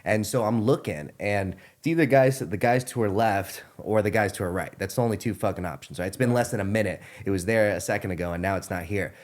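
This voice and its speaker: A young man hosting a podcast, telling a story in an animated, profane, casual way. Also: on the low side, fast talker, hardly any pauses. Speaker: podcast host.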